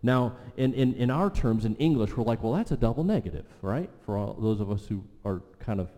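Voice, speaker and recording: A man's voice: lowish voice, moderate pace, dark tone. A man preaching a sermon, emphatic, repeating key lines for weight. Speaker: pastor. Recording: long reverb of a large hall.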